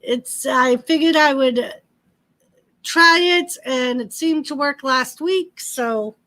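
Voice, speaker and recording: Woman livestream host, unhurried casual wrestling chat. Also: high voice, pushed and bright. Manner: chatty, greets viewers by name, talks to pets.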